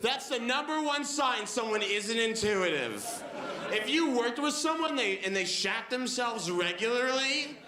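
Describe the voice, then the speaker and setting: A man in his late twenties telling a stand-up set, animated storytelling with mumbled asides. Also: very high voice, unhurried, roomy sound, noisy background. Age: late 20s. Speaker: stand-up comedian. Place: comedy club stage before a laughing audience.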